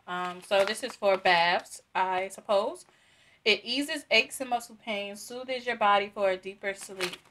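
A woman's voice: mid-range voice, a bit bright, slight background noise. A young woman reviewing free products in a casual unboxing vlog, chatty and giggly, with many fillers. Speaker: beauty vlogger.

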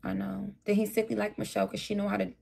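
A woman's voice: medium pitch, level tone, fast, gravelly, a little mellow, slightly rough. A tired woman ranting profanely and combatively at her viewers during a late-night livestream. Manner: profane, combative, talks straight at her chat. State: tired, burnt out.

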